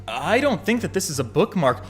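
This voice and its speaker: A man's voice: on the high side, very animated, normal speed, soft background music. A man giving casual, joking let's-play commentary, swearing freely as he talks through a game. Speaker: streamer.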